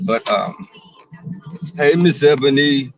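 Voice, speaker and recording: A man's voice: mid-range voice, expressive, slow pace, highs cut off, slight background noise. A man in his twenties with a Southern US accent, chatting sassily and joking with his live viewers while he drives. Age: 20s. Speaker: vlogger streaming live. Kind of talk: casual chat. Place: car, driving.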